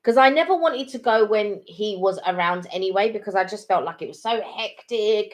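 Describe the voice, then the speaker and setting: A woman's voice: mid-range voice, fairly quick, few pauses. A middle-aged woman, co-hosting a live chat and telling stories in a rambling way, full of ums and restarts. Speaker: co-host of a live chat stream. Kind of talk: casual chat.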